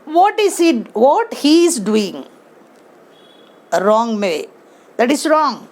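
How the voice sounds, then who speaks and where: A woman's voice: sits high, very animated, darkish tone. A woman teaching grammar to her class, speaking, stressing words and asking the class questions. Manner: slow, emphatic, asks the class questions. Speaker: English teacher.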